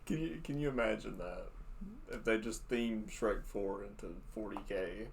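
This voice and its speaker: A man's voice: lowish voice, normal speed, creaky. A young man co-hosting a podcast, joking around while discussing a book. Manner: joking, relaxed. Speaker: podcast co-host.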